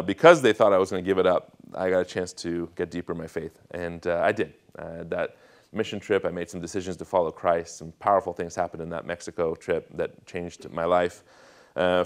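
A young adult man giving a sermon testimony as guest speaker, acting out family dialogue in an animated storytelling manner. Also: low voice.

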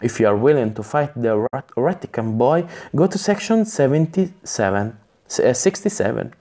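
A man reading an English gamebook on a live stream, in a halting way with chatty asides and self-corrections. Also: medium pitch, expressive, warm tone. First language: Italian.

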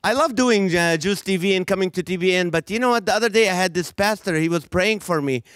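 A man from Israel doing a stand-up comedy routine, animated and quick with quoted voices. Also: high voice, dry recording, clean studio sound.

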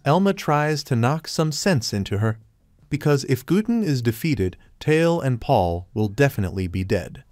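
A man reading a scripted story recap in a steady, even storytelling manner. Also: medium pitch, moderate pace, dry recording, clean studio sound. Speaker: recap narrator.

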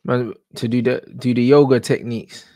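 A young man, giving live reaction commentary on football, slangy and shouting in disbelief. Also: mid-range voice, level tone, normal speed, no room sound. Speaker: football watch-along streamer.

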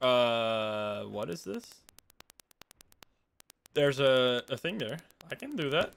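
A young man live-streaming a game, excitable, yelping and shouting whenever things go wrong. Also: mid-range voice, slow pace, vocal fry, a little hiss or hum. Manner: excitable, yelps and shouts at setbacks. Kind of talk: live gameplay commentary.

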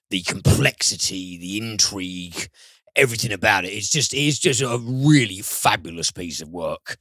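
A man's voice: sits low, pushed and bright, dry recording, studio quality. A British man reviewing films on a podcast in casual chat, enthusiastic and swearing freely. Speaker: film reviewer.

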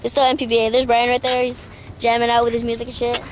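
High-voiced joking woman vlogging outdoors. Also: completely flat delivery, fast talker, a little hiss or hum. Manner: playful, teasing, swears casually. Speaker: vlog host. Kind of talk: joking outdoor comedy vlog. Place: outdoors in woods.

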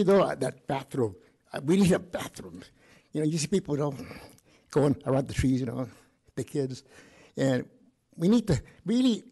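Gravelly older man, halting and earnest. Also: on the high side, dark tone. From California. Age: 80s. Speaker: public commenter. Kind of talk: public comment at a city meeting. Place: council chamber.

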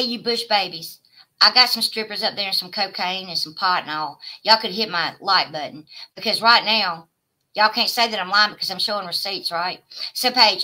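A woman, live streaming a profane, taunting rant at a rival, swinging from shouted demands to low mutters. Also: rough recording. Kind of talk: confrontational livestream rant.

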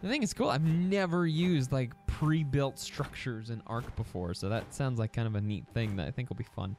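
Animated man rambling over gameplay. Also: medium pitch, normal speed, slight background noise. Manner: chatty, animated, prone to excited yelps and stammered restarts. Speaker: gaming channel host. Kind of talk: casual gameplay commentary. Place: home recording setup.

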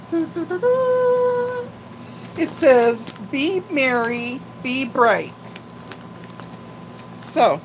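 A woman's voice: on the high side, slight background noise, rough recording. An older woman chatting casually and rambling on a live-stream haul video, talking like a grandmother. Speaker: vlogger.

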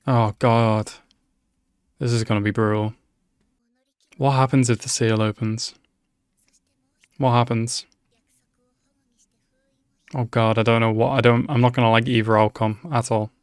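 A man reacting to an anime episode as he watches, talking to himself and his viewers, swearing and exclaiming loudly at tense moments. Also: medium pitch, little pitch movement, a little slow, long pauses, clear, resonant tone, dry recording, clean studio sound. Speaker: anime reaction channel host. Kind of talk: live reaction commentary.

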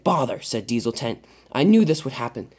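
A bossy villain diesel engine, put on by a narrator in a toy train fan film, barking loud orders at his henchmen. The voice stays close to the teller's own and is a little husky. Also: mid-range voice, sing-song, fairly quick. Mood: commanding.

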